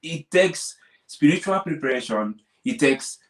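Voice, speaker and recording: A man's voice: on the high side, animated, unhurried, roomy sound, far from the mic. A man co-hosting a relationship talk, making earnest points through examples and repetition. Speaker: co-host of a relationship talk show. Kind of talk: conversational discussion.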